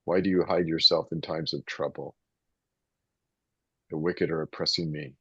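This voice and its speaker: A deep-voiced man leads a small Bible study group in a loose, rambling way, often circling back and reading passages aloud. His voice is low and husky. The sound is dry and muffled, like a dull lo-fi recording. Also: fairly even intonation, moderate pace, no echo. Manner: conversational and rambling, with restarts and reading scripture aloud.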